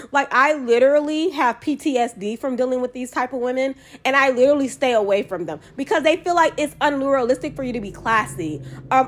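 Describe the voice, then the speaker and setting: A woman with a Southern American drawl ranting to camera in an emphatic, repetitive way, full of ums and restarts. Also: high voice. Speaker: commentary vlogger. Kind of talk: casual rant to camera.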